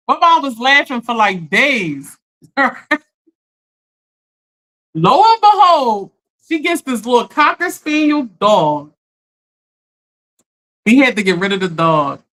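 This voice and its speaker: A woman life coach in casual live-stream chat, animated, laughing often and talking straight to her viewers. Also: medium pitch, slow pace, poor audio.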